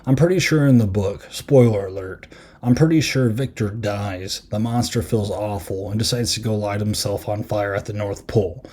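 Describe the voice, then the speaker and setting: A man's voice: lowish voice, normal speed, warm tone, slightly rough. A man hosting a podcast, casually reviewing a film in a rambling way, with lots of fillers and acted-out quotes.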